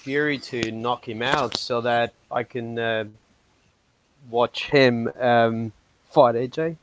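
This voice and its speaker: A man's voice: mid-range voice, fairly even intonation, slow, no room sound. A man from Pakistan calling in to a stream, giving short, hesitant replies full of fillers. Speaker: caller. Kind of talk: call-in guest on a stream.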